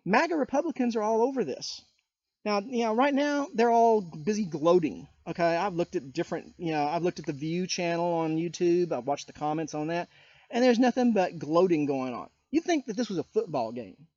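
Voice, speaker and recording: A man's voice: high-pitched, animated, normal speed, a little mellow, lo-fi sound. A man ranting on his vlog, indignant, calling people out by name and firing rhetorical questions at them. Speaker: YouTuber. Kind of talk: political rant vlog.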